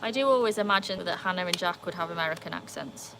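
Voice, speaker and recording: A woman's voice: lowish voice, quick pace, creaky, noisy background. A British woman streaming live from home with her dogs, chatting casually as she reads and answers the chat. She rambles, with plenty of "like" and "um". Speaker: live streamer, dog owner. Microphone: phone.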